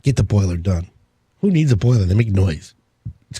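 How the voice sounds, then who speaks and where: A man's voice: on the low side, animated, fast, mellow, husky, no echo, clean studio sound. A man hosting a home improvement radio show, rambling in enthusiastic salesman patter. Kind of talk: casual on-air talk.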